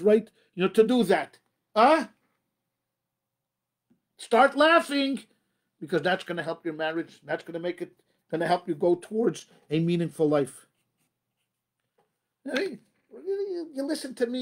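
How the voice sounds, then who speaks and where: In a motivational talk about marriage, a high-pitched male rabbi speaks emphatically, repeating phrases and referring to the crowd as ladies and gentlemen.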